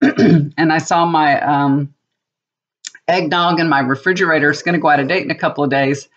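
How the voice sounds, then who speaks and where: A woman's voice: low voice, steady tone, moderate pace. A middle-aged woman and tarot reader chatting casually to viewers, rambling and laughing often. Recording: slightly dull lo-fi audio.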